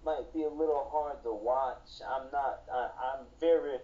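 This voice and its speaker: A man's voice: medium pitch, measured pace, dark tone. A man talking as a guest in a casual podcast chat, swaggering and slangy, over dull lo-fi call audio.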